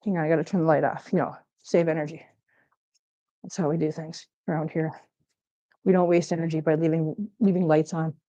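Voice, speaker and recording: A woman's voice: low-pitched, steady tone, brisk, long pauses, warm tone, muffled recording. A woman chatting casually on a cat-care livestream, rambling and answering viewers while she cleans, a little out of breath. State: a bit out of breath. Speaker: cat channel vlogger.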